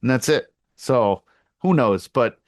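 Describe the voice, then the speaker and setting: A middle-aged man co-hosting a casual podcast who tells stories animatedly and jumps up in pitch when he acts out what people said. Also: animated, slow, no echo, studio quality. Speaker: podcast co-host; girls flag football coach. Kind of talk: casual chat.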